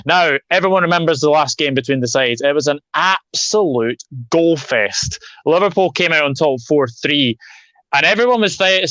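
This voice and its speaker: A man's voice: on the high side, a bit bright, no echo. A man hosting a live football preview, joking and reading out viewer comments. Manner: jokey, reads out live comments. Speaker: podcast host. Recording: dry, dull lo-fi mic.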